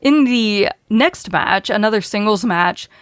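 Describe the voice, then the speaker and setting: A woman's voice: medium pitch, animated, unhurried, smooth, no room sound, studio quality. A woman hosting a podcast, running through match results in a casual way and laughing often. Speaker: podcast host.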